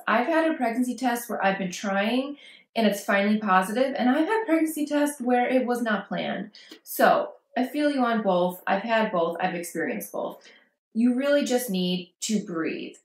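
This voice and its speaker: A woman vlogging parenting advice, talking casually and reassuringly to camera and acting out worried quotes. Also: on the high side. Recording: echoey room.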